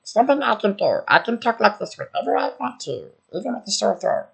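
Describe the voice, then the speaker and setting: A man with a sore throat voicing a cold, game-playing computer in a high, slow, drawn-out voice. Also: sing-song, creaky, fairly bright tone, slightly rough, exaggerated voice. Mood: eerie.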